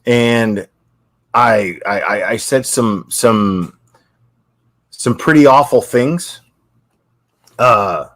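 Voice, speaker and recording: A man's voice: medium pitch, drawn-out words, pauses often, a bit bright, no echo. Swearing, ranting man with a dry sound. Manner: profane, repetitive, confrontational. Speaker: YouTube creator. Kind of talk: angry livestream rant.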